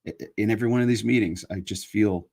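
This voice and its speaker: A man's voice: fairly low pitch, quick pace, gravelly, a little mellow. A man in his fifties hosting a casual live chat, talking earnestly and building into emphatic preaching. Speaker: online show host.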